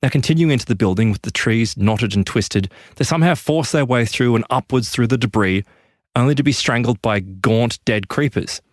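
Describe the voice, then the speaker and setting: A man's voice: moderate pace, dry recording, studio quality. A man hosting a podcast, narrating an eerie story with dramatic emphasis. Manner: dramatic, emphatic pitch lifts. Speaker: podcast host.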